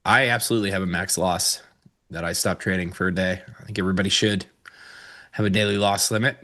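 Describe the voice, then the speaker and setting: Co-host, man, somewhat low voice, bright and forceful, playful, nasal from a stuffy nose. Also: fast. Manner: playful and joking, excitable asides. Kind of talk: casual live trading-show chat.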